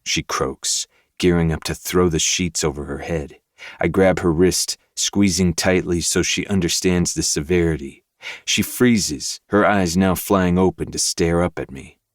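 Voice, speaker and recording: Deep-voiced man reading a novel aloud. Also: measured pace, no room sound, clean studio sound. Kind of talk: first-person audiobook narration.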